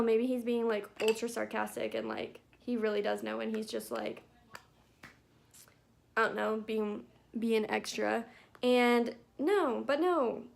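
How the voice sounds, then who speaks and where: Chatty young woman with a creaky voice. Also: on the high side. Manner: chatty storytelling full of "like" fillers. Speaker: beauty vlogger. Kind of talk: casual chat while doing makeup. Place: at home, not in her bathroom.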